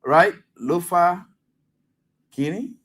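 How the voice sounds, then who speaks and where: Animated Liberian radio host, man. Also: sits high, extremely slow. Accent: Liberian English. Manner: animated, scolding, repeats and stumbles on fillers while reading. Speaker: radio talk show host. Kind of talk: live talk radio commentary.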